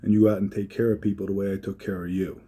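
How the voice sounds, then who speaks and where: A man voicing a gruff dying man in his sixties, a blunt, plain-spoken fatherly mentor. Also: sits low, little pitch movement, racing, dark tone. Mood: earnest.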